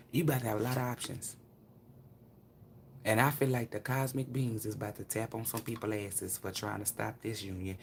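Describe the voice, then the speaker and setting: Low, gravelly-voiced woman reading tarot. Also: a little mellow, a little hiss or hum. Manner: blunt, profane, chatty; talks straight to viewers. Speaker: tarot reader. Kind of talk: casual live-stream tarot reading.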